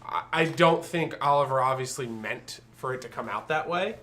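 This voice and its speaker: A man's voice: medium pitch, moderate pace, bright, forceful tone. A man co-hosting a casual podcast, giving earnest opinions and often restarting his sentences. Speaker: podcast co-host. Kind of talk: casual chat.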